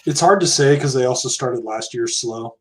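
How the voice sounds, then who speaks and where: This podcast co-host is an American man whose medium-pitched voice moves at a moderate pace. He chats casually, drifts into tangents, and tends to hedge what he says.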